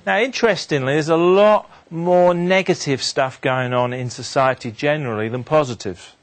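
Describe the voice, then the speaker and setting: Man telling a story to a crowd. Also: moderate pace. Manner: animated storyteller, drops voice low and quiet for sad beats. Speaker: motivational speaker. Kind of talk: storytelling talk to an audience.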